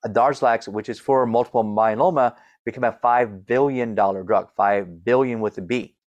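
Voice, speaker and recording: A middle-aged man who stutters, sometimes repeating the first sounds of words, speaks as a guest coach in a conversational interview and explains things with quick demonstrations. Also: medium pitch, a little mellow, dull audio.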